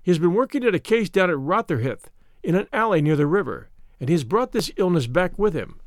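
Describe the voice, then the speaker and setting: A man's voice: high voice, sing-song, fairly quick, no echo, studio quality. A man voicing an anxious, devoted female housekeeper who pleads urgently about her sick lodger. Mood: worried.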